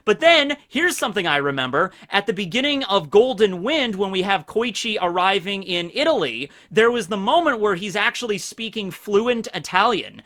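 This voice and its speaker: A man giving casual solo commentary on an anime, rambling with many fillers and animated asides. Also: sits high, moderate pace, few pauses. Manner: rambling, full of fillers, jumps into animated voices.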